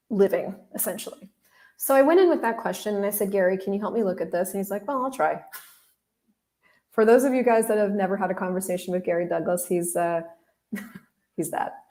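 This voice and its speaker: A woman's voice: mid-range voice, mellow. A woman hosting a podcast, telling a story in a casual, candid way, talking straight to her listeners and swearing now and then. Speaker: podcast host.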